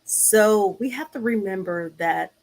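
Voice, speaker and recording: A woman talking casually to her viewers, slow and searching, often restarting her sentences. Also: mid-range voice, darkish tone. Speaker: vlog host. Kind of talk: casual personal talk to camera.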